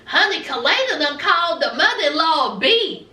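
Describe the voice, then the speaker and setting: A woman's voice: high voice, sing-song, moderate pace, hardly any pauses, sharp tone, distant mic. A woman giving a sassy, laughing recap of a TV show, calling her viewers honey. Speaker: recap vlogger. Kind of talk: casual TV recap commentary. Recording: echoey room, voice away from mic.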